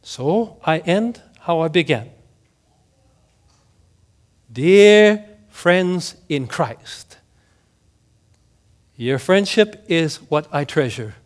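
A male pastor preaches a sermon in a high, sing-song voice that rises and falls widely. He takes his time, leaning on words and sinking to near-whispers for emphasis. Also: animated. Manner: slow and emphatic, with dramatic drops to near-whispers.

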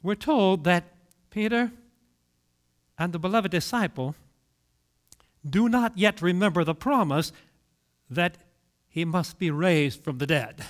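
A man preaching a sermon, telling the story with dramatic pauses and big swings between soft and loud. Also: high voice.

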